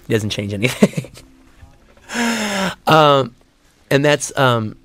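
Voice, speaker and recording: A man's voice: medium pitch, slow pace, fairly bright tone, dry recording, soft background music. A man giving a casual audio commentary on a film, rambling with many fillers and restarts and acting out audience reactions in a raised voice.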